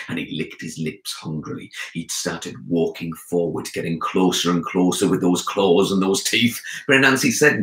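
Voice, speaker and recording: A male children's author telling a folk tale, animated and expressive, speaking straight to his young listeners. His voice is low yet bright and forceful. The sound is roomy and echoey. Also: moderate pace, hardly any pauses. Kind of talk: storytelling for children.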